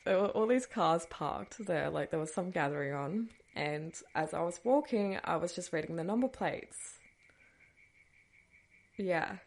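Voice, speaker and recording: A woman with a slightly low-pitched voice tells a personal story on her podcast. She talks casually, laughs often and shrugs things off with throwaway asides. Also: expressive, measured pace. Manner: chatty, breaks into frequent nervous laughs; dismissive asides, trailing off. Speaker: podcast host.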